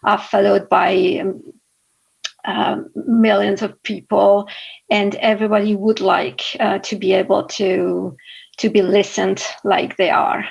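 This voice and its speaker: A woman speaks slowly as a panel guest, with a gravelly edge to her voice. She talks hesitantly, reaching for words with many fillers. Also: medium pitch, little pitch movement, muffled recording. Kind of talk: panel discussion.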